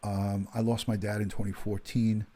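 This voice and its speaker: A man's voice: lowish voice, little pitch movement, moderate pace, mellow. A man in his fifties, a retired detective hosting a casual livestream, chatting with viewers and greeting them by name with plenty of ums and uhs. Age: 50s.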